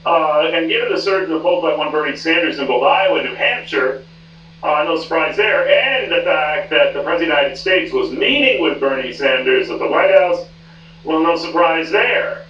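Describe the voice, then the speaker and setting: A man's voice: fairly high pitch, animated, a little fast, bright, forceful tone, slight background noise. A man anchoring a news show, tossing to a correspondent with a wry, conversational manner. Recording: echoey, distant, muffled rebroadcast.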